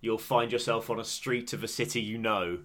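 A man's voice: lowish voice, steady tone, moderate pace, a bit bright. A young English man co-hosting a podcast in casual chat, laughing often and rambling with frequent restarts. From England. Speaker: podcast co-host.

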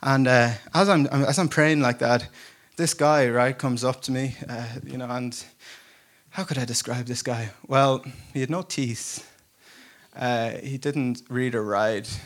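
A man's voice: medium pitch, fairly even intonation, unhurried. A man preaching to a church congregation in a casual, storytelling way, often joking at his own expense. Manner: casual storytelling, self-deprecating humor, laughs often. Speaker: pastor. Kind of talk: conversational sermon. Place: church service before a congregation.

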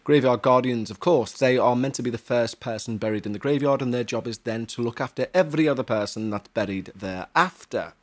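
A man from Huyton, co-hosting a podcast and reading listener emails aloud in a chatty, jokey way with self-mocking asides. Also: medium pitch. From Huyton, Merseyside, England.

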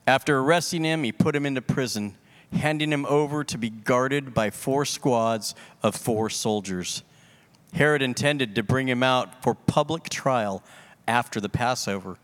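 A man reading a scripture passage aloud in a church service, with a measured delivery. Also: mid-range voice, fairly bright tone. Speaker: scripture reader. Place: church sanctuary.

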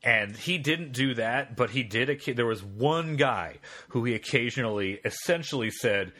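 A man's voice: medium pitch, animated, normal speed, few pauses, pushed and bright. A man co-hosting a podcast, telling long rambling anecdotes in casual chat. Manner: rambling storyteller with frequent fillers and restarts. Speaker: podcast co-host.

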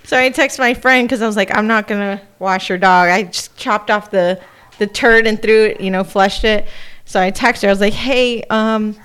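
A woman's voice: mid-range voice, normal speed, a bit bright, smooth. Rambling, crude-humored woman podcast co-host. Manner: rambling, crude, amused storytelling. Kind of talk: casual chat.

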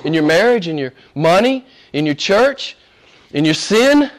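A man preaching a sermon as pastor, swinging from loud declarations to hushed near-whispers and repeating phrases for emphasis. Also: sits high, very animated, unhurried.

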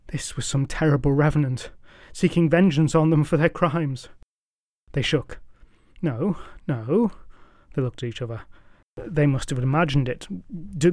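A man narrating a folk tale with a measured, dramatic and wryly humorous delivery. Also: medium pitch, darkish tone, dry recording, studio quality. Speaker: storyteller. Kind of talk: scripted storytelling narration.

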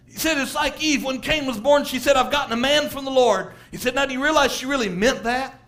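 A middle-aged man preaching a sermon as pastor, animated, laughing and acting out quotes from people. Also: very high-pitched, a little fast.

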